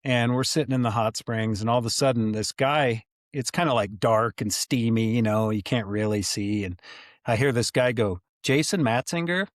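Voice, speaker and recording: A man in his forties telling stories as a podcast guest, animated and full of casual fillers. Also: on the low side, normal speed, dry recording, studio quality. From United States. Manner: animated, many fillers like "like" and "you know". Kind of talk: casual storytelling.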